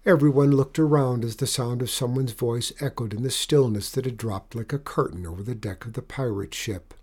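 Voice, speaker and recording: A man narrating a storybook in an expressive, dramatic reading. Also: mid-range voice, moderate pace, breathy edge.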